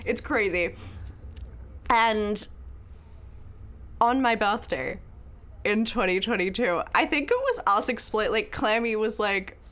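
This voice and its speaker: A young Australian woman co-hosting a podcast, telling stories in a casual, animated way and laughing often. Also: medium pitch, slow, long pauses. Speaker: podcast co-host. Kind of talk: casual chat.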